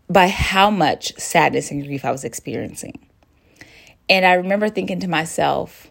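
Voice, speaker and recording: A woman hosting a podcast, who talks straight to her listener in a warm, sisterly way and shares her feelings openly. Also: low-pitched, brisk, vocal fry. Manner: emotive, sisterly, addresses listener directly. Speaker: podcast host. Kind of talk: personal motivational monologue.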